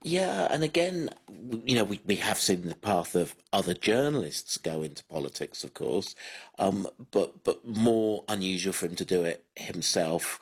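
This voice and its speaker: A man's voice: low voice, animated, moderate pace, breathy edge. A man talking as a guest on a radio show in a casual, hesitant way, with many fillers and restarts. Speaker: radio guest, media publisher.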